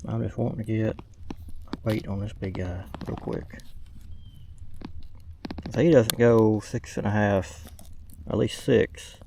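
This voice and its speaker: A man's voice: lowish voice, fairly even intonation, slow, vocal fry, pauses often, background noise. A young man, talking casually to a camera mounted on his kayak outdoors as he fishes, plainspoken with lots of fillers. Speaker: fishing vlogger. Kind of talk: casual outdoor vlog narration.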